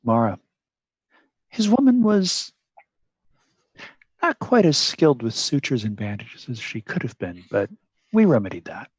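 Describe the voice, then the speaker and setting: A man's voice: medium pitch, very animated, measured pace, pauses often, slightly rough, dry recording. A man role-playing a companion in a tabletop game, speaking in a wry, joking way. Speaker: player. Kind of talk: in-character tabletop role-play. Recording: dry, dull lo-fi audio.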